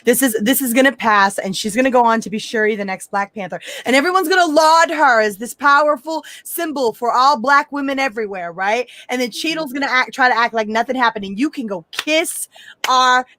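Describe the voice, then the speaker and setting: A fairly high-voiced woman co-hosting a podcast in a blunt, profane, animated way. The sound is dry and close. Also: fairly quick, hardly any pauses, no room sound. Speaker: podcast co-host. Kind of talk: casual panel chat.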